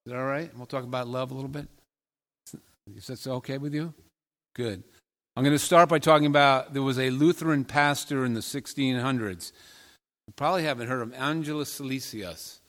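A man's voice: mid-range voice, brisk, a bit bright. A male pastor gives a sermon from a church sanctuary, and his voice rings with a long echo through the big room. He talks in a loose, conversational way and keeps checking in with his listeners with friendly questions. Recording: long reverb of a large hall.

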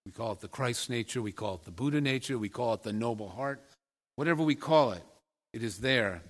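A man's voice: mid-range voice, animated, fairly quick. Guy pastor preaching, chatty, asks the crowd stuff, voice echoing round a big church. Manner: conversational, talks directly to the congregation with questions. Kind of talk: sermon. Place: church sanctuary. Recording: long reverb of a large hall.

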